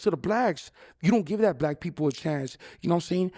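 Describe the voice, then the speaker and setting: A man's voice: fairly high pitch, fast. A man from the Los Angeles area talking casually in an interview, full of street slang and "you know what I'm saying".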